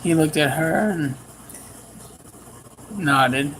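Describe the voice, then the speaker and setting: A man preaching a sermon, telling a personal story with animated swings in pitch and pace. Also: drawn-out words, a little hiss or hum, rough recording.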